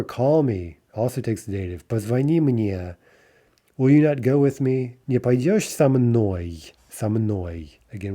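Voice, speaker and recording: A middle-aged man explaining grammar patiently in a lesson, often checking in with the listener and repeating example phrases slowly. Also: medium pitch, mellow. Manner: patient, explains step by step with frequent "right?". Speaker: language teacher.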